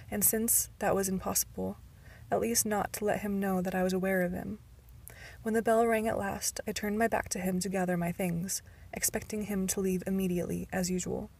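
A woman reading a novel aloud in first person, in a careful amateur audiobook narration. Her mid-pitched voice stays quite flat, and now and then she stumbles or slips into a soft whisper. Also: slightly rough.

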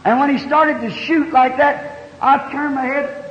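A man's voice: very high-pitched, steady tone, measured pace. A man preaching a sermon, telling a story in a folksy country way with plain homespun grammar. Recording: dull, echoey 1960 hall recording.

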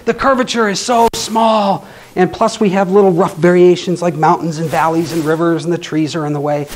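Male lecturer, slightly raised pitch, playful and chatty, keeps checking in with the room. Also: a little mellow. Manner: playful, often checks in with the audience. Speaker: astronomy club speaker. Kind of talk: live classroom-style lecture.

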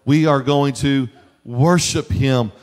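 A man's voice: medium pitch, slow pace, a little mellow, long reverb tail, close to an everyday voice. A man acting out a defensive king who stammers as he makes excuses.

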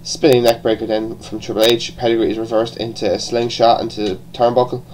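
A man's voice: medium pitch, little pitch movement, fairly quick, a little mellow, a little hiss or hum, low-quality recording. An Irish-accented man talks through a review in an easy, unscripted way. He trips over his words and starts sentences again, with a casual curse here and there. His voice sits in an ordinary middle register. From born in England, raised partly in Ireland. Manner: rambling, with frequent restarts and casual swearing. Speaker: wrestling show reviewer.

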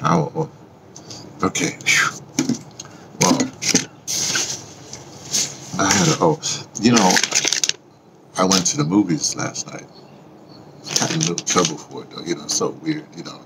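Heavy background noise surrounds a very deep-voiced vlogger as he rambles about music and his day. His pace is a little slow with frequent pauses, and at one point he sings along to a record.

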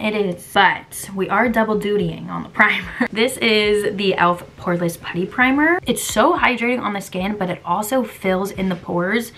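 A woman's voice: mid-range voice, fairly bright tone, slight background noise. Chatty young woman doing a makeup tutorial. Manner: chatty, playful, laughs at own slips. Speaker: beauty vlogger. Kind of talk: casual makeup tutorial chat.

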